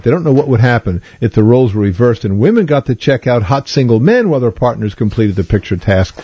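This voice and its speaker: A chatty male host with a mellow, slightly husky voice, explaining things in plain terms and speaking straight to listeners. The sound is dry and a bit dull, with little high end. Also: no room sound. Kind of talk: casual explanatory talk.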